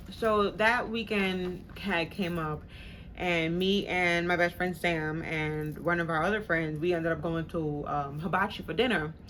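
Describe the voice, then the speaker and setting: A woman's voice: fairly low pitch, a bit bright, a little hiss or hum. A woman vlogger telling a personal story in casual, slangy talk. She swears freely and acts out the people she quotes.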